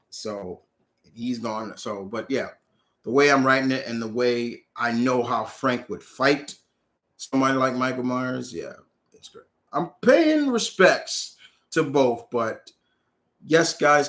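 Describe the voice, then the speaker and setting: A man's voice: medium pitch, lively intonation, slow pace, fairly bright tone. A man hosting a casual live Q&A, rambling through viewer questions and correcting himself mid-sentence. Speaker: host answering viewer questions.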